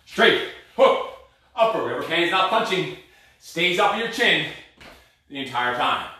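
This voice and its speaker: A high-pitched, breathless man calls out punches and counts as a fitness instructor, blunt and pushy, his pitch leaping all over. The room is echoey, and he sounds far from the mic. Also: big pitch swings, a little slow, bright, forceful tone, slight background noise. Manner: barking short commands and counts, pushy and blunt. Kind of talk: coaching a live cardio boxing class.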